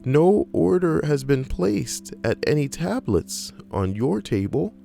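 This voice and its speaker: A man's voice: a little high, big pitch swings, slow, vocal fry, mellow, faint music behind, voice pushed up, heavily acted. A man voicing a nervous older waiter who speaks politely and carefully. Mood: timid. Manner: timid, careful.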